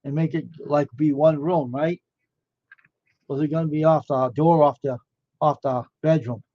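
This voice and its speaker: Speaking at normal speed with fairly even intonation, a man with a fairly high voice chats casually on a live stream, rambling, amazed and tossing out a stream of questions. The recording is dull, lo-fi and dry, with no room sound.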